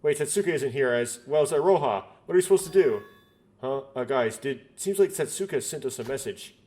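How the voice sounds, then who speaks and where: A man's voice: mid-range voice, expressive, a little fast, mellow. A man reading a visual novel aloud, doing every character's lines in his own voice, with stumbles and self-corrections.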